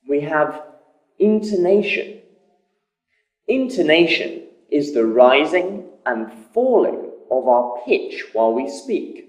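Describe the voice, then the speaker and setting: A man teaching pronunciation in a scripted lesson, speaking slowly and stressing his words with care. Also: mid-range voice, a little mellow. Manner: slow, deliberate delivery with careful emphasis. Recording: roomy echo.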